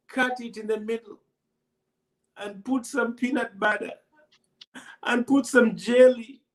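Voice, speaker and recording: A male storyteller narrating a folk tale with unhurried, deliberate pacing. He repeats phrases for rhythm and puts questions to his audience. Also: very high voice. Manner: repetitive, call-and-response delivery.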